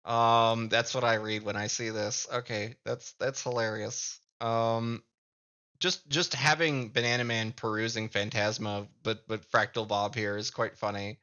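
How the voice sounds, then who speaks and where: Halting Midwestern man, forceful and low. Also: steady tone, clear, resonant tone, highs cut off. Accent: Midwestern American. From American Midwest. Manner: halting, repeats words while thinking aloud. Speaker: live streamer and comic creator. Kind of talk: casual live-stream chat.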